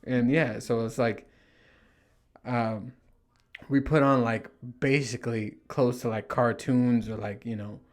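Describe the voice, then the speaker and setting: A middle-aged man hosting his own show, telling stories casually and acting out his panic in a raised voice, with plenty of swearing. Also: slow. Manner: animated, swears freely, acts out panicked quotes in a higher voice. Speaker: podcast host. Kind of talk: casual storytelling monologue.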